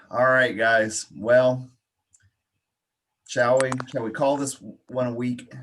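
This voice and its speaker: A man's voice: mid-range voice, fairly even intonation, slow, a bit bright, a little hiss or hum. A man hosting a casual podcast chat, teasing his co-hosts with dry humor. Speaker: podcast host.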